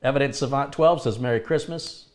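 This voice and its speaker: A man's voice: mid-range voice, brisk. A middle-aged man hosting a live chat stream, reading viewer comments aloud and answering them in a chatty way, laughing now and then at his own remarks.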